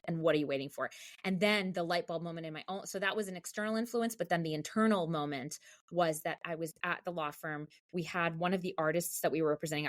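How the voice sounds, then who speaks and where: A woman cantor in an interview, telling her story in a lively way and acting out the people she quotes. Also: sits low. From United States. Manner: animated, acts out quoted voices.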